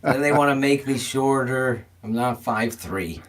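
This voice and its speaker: A man co-hosting a sports podcast in casual chat. He speaks in a measured way, asks questions and teases dryly. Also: mid-range voice. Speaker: podcast co-host.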